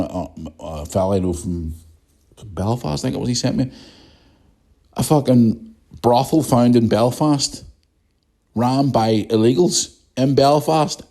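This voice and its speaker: A man's voice: medium pitch, warm tone. A man with a Northern Irish accent hosting a podcast, ranting bluntly and swearing often in a casual monologue. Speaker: podcast host.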